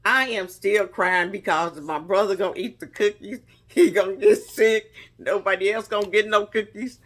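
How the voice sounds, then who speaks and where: A woman telling a funny childhood story, animated and laughing often as she goes. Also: medium pitch, normal speed. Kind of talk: storytelling a personal memory.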